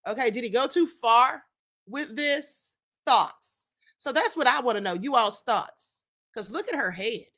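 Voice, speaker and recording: Woman, live-stream host, sassy gossip talk, high voice, calls people honey. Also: animated, fairly bright tone. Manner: sassy, calls viewers "honey" and "child", drawn-out exclamations. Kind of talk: casual gossip commentary.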